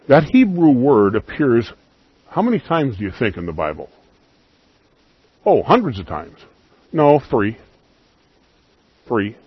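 A man preaching a sermon, emphatic, rising loud on key lines and dropping to soft asides. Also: fairly low pitch, breathy edge, dry recording, lo-fi sound.

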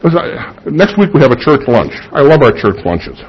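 A man's voice: mid-range voice, big pitch swings, moderate pace, husky, highs cut off. A man preaching a sermon to his congregation in a church, building to emphatic peaks and asking the listeners questions. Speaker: pastor. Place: church sanctuary.

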